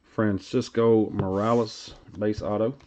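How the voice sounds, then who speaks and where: A man's voice: lowish voice, little pitch movement, takes it slowly, dark tone, a little hiss or hum. Laid-back Tennessee man, lo-fi stream. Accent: Tennessee Southern. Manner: laid-back, drawling, reads off player names between banter with chat. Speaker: card break host. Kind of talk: live-streamed card break chat. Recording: lo-fi stream audio.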